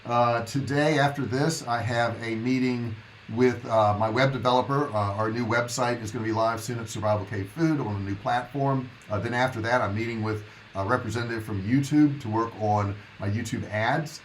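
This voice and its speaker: A man's voice: medium pitch, fairly even intonation, moderate pace, a little hiss or hum, low-quality recording. A man hosting a casual live stream, talking to his viewers in a loose, rambling, chatty way. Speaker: livestream host.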